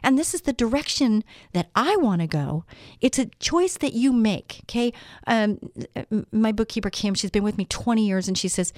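A woman's voice: fairly high pitch, animated, normal speed, dry recording, clean studio sound. A middle-aged woman hosting a faith show, giving an earnest devotional talk, reading scripture and asking listeners direct questions.

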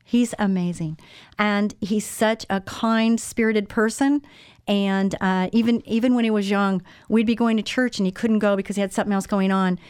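A woman in her sixties hosts a Christian radio talk show, speaking in an earnest, personal way straight to her listeners. Her voice sits at an ordinary pitch and comes through close and dry on a studio microphone. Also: fairly even intonation, moderate pace, darkish tone, clear, resonant tone, no room sound.

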